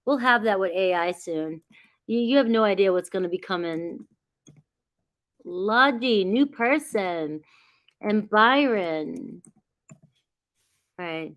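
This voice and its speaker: A woman's voice: mid-range voice, animated, takes it slowly, pauses often, a bit bright. A woman doing a casual livestream as a tarot reader, chatty and reassuring, greeting viewers by name and laughing often. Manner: reassuring, grounding spiritual guidance.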